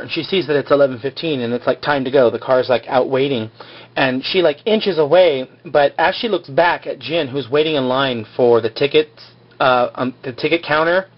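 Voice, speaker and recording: A man's voice: medium pitch, muffled recording. A man casually recapping a TV episode, rambling with lots of fillers like "like" and "you know.".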